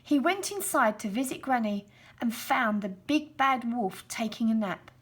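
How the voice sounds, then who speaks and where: Slow, gentle woman reading a storybook. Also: fairly high pitch, lively intonation, slightly rough.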